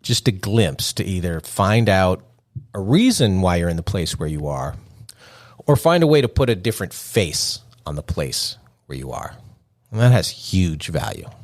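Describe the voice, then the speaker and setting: A man's voice: deep voice, very animated, moderate pace. A man hosting a podcast, talking alone in a joking, conversational way and chuckling at his own lines. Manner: joking, conversational, self-amused. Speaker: podcast host. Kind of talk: solo podcast monologue.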